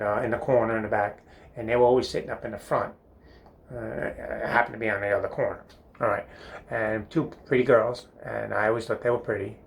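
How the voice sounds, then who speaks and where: A man's voice: lowish voice, gravelly, a little hiss or hum. An older man telling rambling comic stories about his school days, full of fillers and self-amused chuckles. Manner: meandering, filler-heavy, chuckling at himself. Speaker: comedic storyteller. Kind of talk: rambling storytelling monologue. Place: bathroom.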